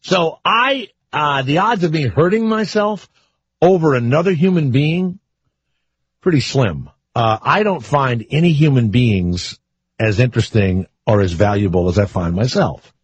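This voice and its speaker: Wisecracking older radio host, lively pitch. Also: male voice, unhurried, slightly rough, no echo. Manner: loose, wisecracking, rambling asides. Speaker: radio talk show host. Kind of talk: casual radio talk. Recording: muffled lo-fi radio broadcast.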